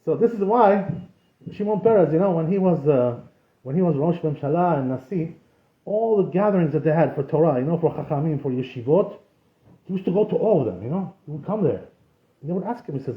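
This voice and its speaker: A rabbi gives a relaxed Torah class, talking in a loose conversational way and dropping Hebrew terms into his English. His voice sits a little high for a man. The recording is dull and lo-fi, with a roomy echo around him. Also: fast talker. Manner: conversational, peppered with "you know" and Hebrew terms. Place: synagogue. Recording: echoey room, dull lo-fi sound.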